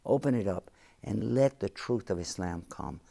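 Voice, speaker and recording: A man's voice: lowish voice, lively intonation, normal speed, vocal fry, mellow. A man, a sheikh who is a guest on the show, explaining his faith in an earnest, emphatic way and repeating key phrases. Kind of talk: religious teaching in an interview.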